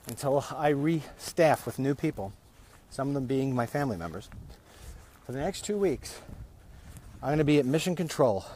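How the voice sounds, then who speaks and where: A man's voice: medium pitch, a little mellow, a little hiss or hum. A man hosting a casual walk-and-talk vlog, rambling, often restarting and repeating his words as he goes. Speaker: vlog host. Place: walking outdoors.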